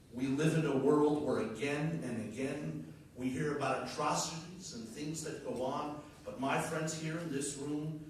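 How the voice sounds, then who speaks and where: A man, a rabbi, giving a keynote speech at a gala, telling stories with animated, rising emphasis. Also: mid-range voice, slight background noise. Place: large banquet hall. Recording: echoey hall from far off.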